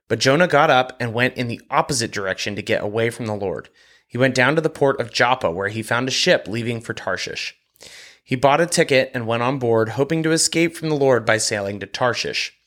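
A man reads scripture aloud in a steady, even reading voice. His pitch sits in an ordinary middle register. For quoted lines he lifts his voice a little, then settles back into calm reading. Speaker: Bible reader.

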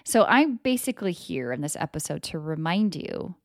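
Low-voiced woman coaching with emphatic energy. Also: sing-song, moderate pace, no room sound, clean studio sound. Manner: emphatic, swings into loud mock voices; casual, swears freely. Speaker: podcast host and energy coach. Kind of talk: motivational solo podcast talk.

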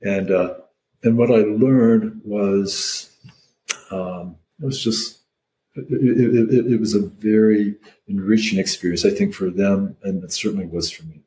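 A man's voice: on the low side, fairly even intonation, measured pace, mellow, a little hiss or hum, low-quality recording. An older man, a priest, talking reflectively as an interview guest, with many restarts and fillers.

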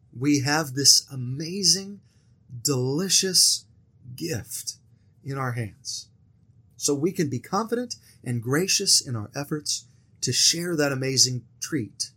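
A man's voice: medium pitch, fairly bright tone, breathy edge. A man teaching a scripture lesson in an earnest, storytelling manner, with acted quotes and personal anecdotes. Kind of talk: lesson presentation.

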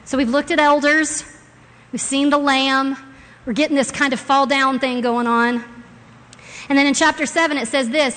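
Woman preacher with a high voice, very expressive, long church reverb behind her. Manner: expressive, swings from hushed reading to loud singing. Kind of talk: sermon.

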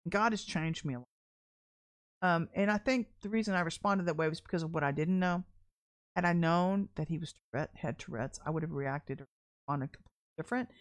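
A woman's voice: on the low side, a little fast. A woman preacher, telling a personal story in a candid, chatty sermon and laughing often. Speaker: deliverance minister.

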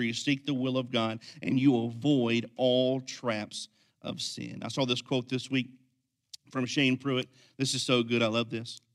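A man preaching a sermon as pastor, swinging from quiet, intense lines to loud, energetic ones. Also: mid-range voice, vocal fry.

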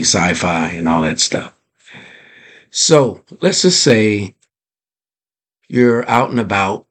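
A male podcast host with a low, gravelly voice talks at an unhurried pace, stretching his words out. He speaks in a motivational monologue and keeps asking his listeners rhetorical questions. His tone is a little husky. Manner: drawn-out, deliberate delivery.

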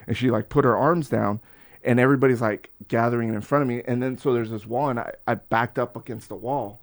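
Profane, animated man in his forties. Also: medium pitch, fast talker. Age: 40s. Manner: animated, profane, acts out voices in his stories. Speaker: podcast guest. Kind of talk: casual storytelling.

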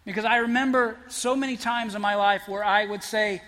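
Earnest high-voiced preacher in a reverberant hall. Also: male voice, steady tone, fairly quick, hardly any pauses. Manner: earnest, builds to emphatic peaks then drops soft. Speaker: pastor. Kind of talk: sermon.

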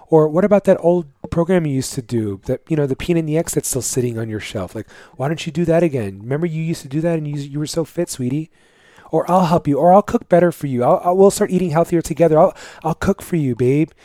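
A man's voice: a little high, mellow, dry recording, studio quality, natural voice. A man imitating a wife who sweetly talks her husband out of spending money. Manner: coaxing, dismissive, sweet-talking. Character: nagging, doting wife brushing off her husband's plans.

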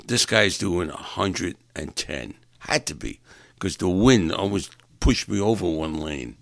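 A man's voice: low voice, lively intonation, a little slow, creaky, fairly bright tone, dry recording, studio quality. A man in a rambling comic monologue, exasperated and ranting, stumbling over repeated words as he vents. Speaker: stand-up comedian.

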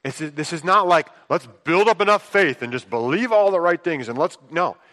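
Bright-voiced male pastor in an echoing church. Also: a little high, normal speed. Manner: conversational storytelling, swings between hushed asides and excited outbursts. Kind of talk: sermon. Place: church sanctuary. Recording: long reverb of a large hall.

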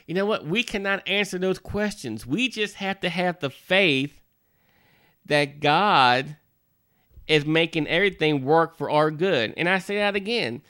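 A male minister with a bright, smooth, somewhat high voice gives a folksy devotional talk to parents. He speaks conversationally, often adding asides and restarting his sentences. The recording is dry and close. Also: lively intonation, normal speed, no echo. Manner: conversational, with frequent "you know" asides and restarts.

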